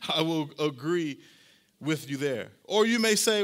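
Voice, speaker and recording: A pastor, a man, preaching a sermon, repeating key phrases, slowing down to stress them, and often talking straight to the congregation. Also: on the high side, animated, fairly bright tone. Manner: addresses the congregation directly and often.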